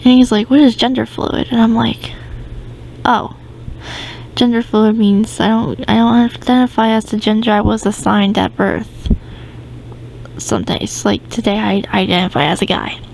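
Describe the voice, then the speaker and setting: A woman's voice: mid-range voice, measured pace, gravelly, a little mellow, slight background noise, rough recording. A woman hosting a casual storytime podcast, rambling through the tale with many ums and restarts. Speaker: podcast host.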